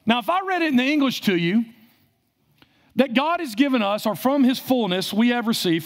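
A male pastor preaching a sermon, asking the congregation questions and repeating phrases for emphasis. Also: very high voice.

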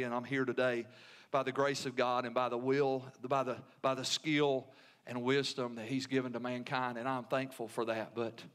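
A man's voice: medium pitch, fairly bright tone. A man with a Southern US accent preaching a sermon as pastor, with emphatic repetition and call-and-response to the congregation.

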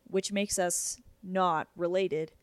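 A woman's voice: fairly low pitch, steady tone, slow, dry recording. A woman voicing a timid, gloomy twelve-year-old boy with a British accent. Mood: glum. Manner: gloomy, whiny.

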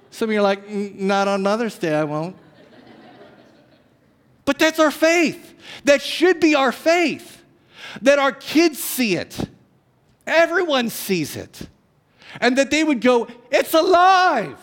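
A high-pitched man preaching a Sunday sermon. He moves between loud bursts of emphasis and soft, stretched-out phrases, and his voice rings with the long reverb of a church hall. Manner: animated preaching, swinging between loud emphasis and hushed, drawn-out lines. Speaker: pastor. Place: church sanctuary.

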